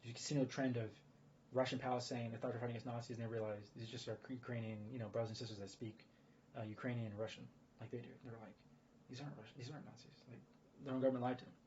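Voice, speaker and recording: A man's voice: mid-range voice, level tone, rapid-fire, a little mellow. A man giving rambling casual commentary, full of fillers and restarts. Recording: dull lo-fi audio with faint noise.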